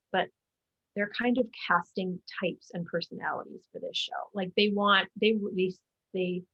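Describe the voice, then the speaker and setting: A woman chats as a guest in a relaxed interview, her talk full of fillers, restarts and quick asides. Her voice sits at an ordinary middle pitch. The recording sounds a little dull and muffled. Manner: chatty, many fillers and restarts. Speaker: guest, musical theater actor. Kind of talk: casual interview chat.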